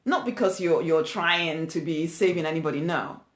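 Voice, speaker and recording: A woman's voice: low-pitched, lively intonation, normal speed. Emphatic woman giving a motivational talk. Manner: emphatic, repeats key phrases, laughs often. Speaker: motivational speaker. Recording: roomy echo.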